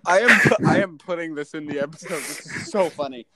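A man's voice: fairly high pitch, expressive, a little fast, crowd noise. A man hosting a casual chat podcast who laughs hard and wheezes. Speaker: podcast host. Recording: noisy mic with clicks.

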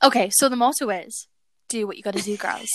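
A young woman co-hosting a podcast talks fast in a medium-pitched, fairly bright voice, recorded without echo. She tells a personal story in casual, chatty fashion, giggling and speaking directly to her listeners.

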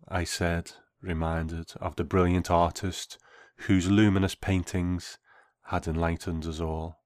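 Deep-voiced guy reading his own story, slow and thoughtful, dry close sound. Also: flat delivery, no echo. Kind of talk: first-person story narration.

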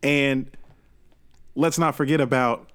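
Male podcast co-host, casual and profane, dry close sound, mid-pitched. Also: smooth, no echo. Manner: animated, swears freely, quick asides. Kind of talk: casual sports chat.

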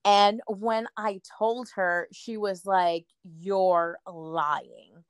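A woman telling a personal story as an interview guest, animated, acting out the voices of the people she quotes, with lots of "like". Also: medium pitch, very slow, clean tone, dry recording, studio quality. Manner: frequent "like" fillers.

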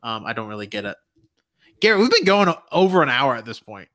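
Lively young man with a Southern drawl. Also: medium pitch, quick pace. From Alabama, US. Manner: animated, swearing, laughing often. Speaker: podcast host. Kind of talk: casual chat.

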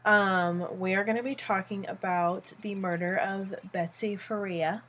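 A woman's voice: mid-range voice, a little slow. Giggly young woman podcast host. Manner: giggly, excitable, drawls filler words. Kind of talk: casual chat.

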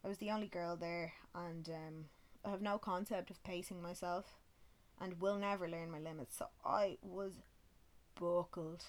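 Girl in her 20s just chatting away, a bit low, swears a lot, laughs at herself. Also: fairly even intonation, unhurried. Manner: chatty, swears freely, self-mocking. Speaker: vlogger. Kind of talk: casual storytelling.

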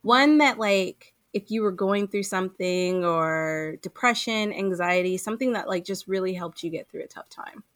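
A woman co-hosting a gaming podcast in casual chat, talking fast with many fillers and frequent laughs. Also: medium pitch, a bit bright, no echo. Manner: chatty, fillers of "like", laughs often. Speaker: podcast co-host.

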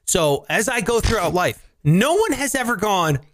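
A man's voice: high voice, very animated, moderate pace, fairly bright tone. A man with a Southern accent co-hosting a podcast, joking around and slipping into silly character voices. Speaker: podcast co-host. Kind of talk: joking banter with put-on voices.

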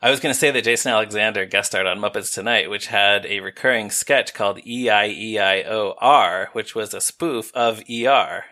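A man's voice: lowish voice, moderate pace, few pauses, pushed and bright. A man co-hosting a podcast, telling amused, laid-back stories about TV. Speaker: podcast co-host. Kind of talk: casual chat about TV.

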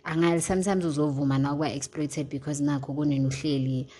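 A young woman with a South African accent rants on her vlog, fired up and swearing freely as she flips between English and isiZulu. Her voice sits low and has a husky grain to it. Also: fairly even intonation, quick pace, mellow, poor audio. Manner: heated, profane, mixes English and isiZulu. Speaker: vlogger. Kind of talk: casual vlog rant.

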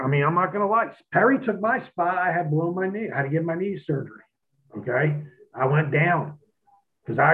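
Profane former wrestler on a phone line. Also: male voice, on the high side. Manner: profane, animated storytelling, acts out his own past lines. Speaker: guest, former pro wrestler. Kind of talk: casual podcast chat.

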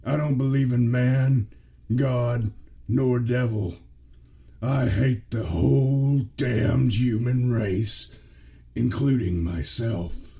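A man voicing a remorseless adult male murderer in a slow, cold, deliberate way. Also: mid-range voice, creaky, mellow. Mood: menacing.

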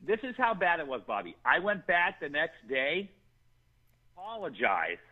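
A man's voice: a little high, moderate pace, narrow, tinny audio. A man telling a long comic story in casual talk, swearing often and acting out what others said. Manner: animated, swearing, acts out quotes.

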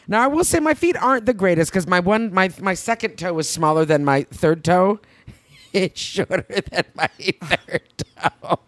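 A woman's voice: lowish voice, normal speed, no echo. A woman co-hosting a podcast in casual chat, joking about herself. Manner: jokey, self-deprecating, animated. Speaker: podcast co-host.

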